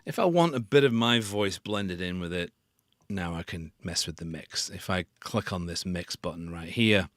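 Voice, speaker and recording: A man's voice: deep voice, moderate pace, hardly any pauses, fairly bright tone, no room sound, clean studio sound. A man hosting a casual live stream tutorial on sound design and joking about himself as he works. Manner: casual, self-deprecating.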